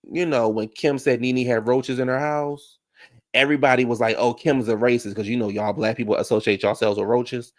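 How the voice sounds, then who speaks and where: A man hosting a casual YouTube show, recapping a reality TV episode and talking to his viewers in chat, jumping into animated high voices when he quotes people. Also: brisk. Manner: talks back to viewers in chat. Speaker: YouTube reaction show host.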